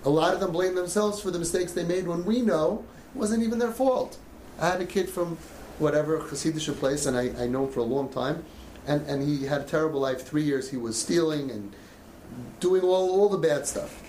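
A man's voice: fairly high pitch, a little fast, a little mellow, slight background noise. Passionate man coaching parents, echoey room. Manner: passionate, acts out parents' and kids' voices. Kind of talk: emotional talk to a parents' group. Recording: echoey room with faint ambience.

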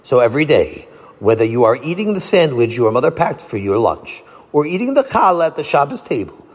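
A man voicing a warm, patient rabbi who gently questions and teaches young boys. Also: mid-range voice, big pitch swings, brisk, breathy edge, big-room sound, voice pushed up.

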